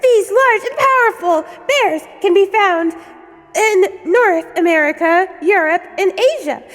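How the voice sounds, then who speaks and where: A woman's voice: very high-pitched, measured pace. A woman streamer with a sore throat giving a casual lesson, giggly and rambling. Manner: giggly, rambling, self-conscious. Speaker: streamer teaching as a bear character. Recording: long reverb with background music.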